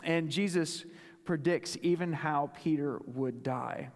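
A male pastor with a fairly high voice delivers a sermon, pressing points home with repeated phrases. He drops suddenly to a near hush to land key moments. His words ring out with a long tail of reverb in a large church hall. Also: slow pace. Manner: dramatic, drops to a hush for emphasis.

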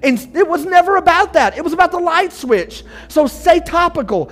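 A man's voice: very high-pitched, lively intonation, moderate pace, hardly any pauses. A pastor preaching an emphatic sermon to his congregation about marriage. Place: church.

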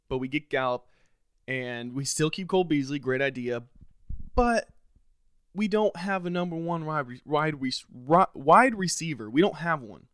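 A man hosting a podcast, delivering a frustrated, sarcastic solo rant with sudden leaps up in pitch and loudness. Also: no echo, clean studio sound. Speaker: podcast host.

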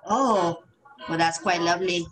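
Woman doing a slow-spoken, genteel 1950s lady for a podcast chat; ladylike and old-fashioned. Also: fairly low pitch, fairly bright tone, faint music behind. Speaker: podcast co-host. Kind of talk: casual chat in a put-on voice.

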